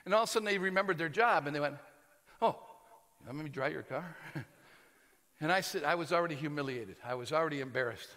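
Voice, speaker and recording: American male preacher, high and bright, comic sermon story in a reverberant hall. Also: fast talker. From United States. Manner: animated, shouting and laughing through a story. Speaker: pastor.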